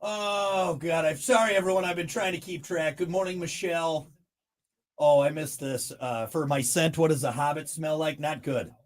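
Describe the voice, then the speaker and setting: High-voiced, jokey male host. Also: normal speed, no echo. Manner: rambling, jokey, wired on caffeine. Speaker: show host. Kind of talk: casual morning show banter.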